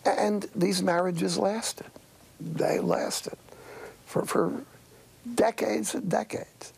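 An older man, a priest, giving a sermon in a wry, earnest storytelling way, with a raspy, breathy voice and many hushed asides. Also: high-pitched, steady tone, very slow.

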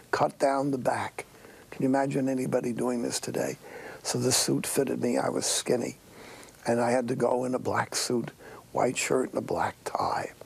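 A man's voice: mid-range voice, vocal fry, husky, low-quality recording. An older man, a priest, giving a sermon-like talk with folksy, wry storytelling.

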